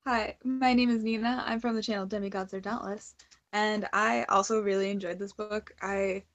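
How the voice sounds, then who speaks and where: Woman booktuber guest, vocal fry, dry mic, relaxed and giggly. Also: medium pitch, moderate pace, no echo. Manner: relaxed, laughing, hedging with "like". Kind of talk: casual chat.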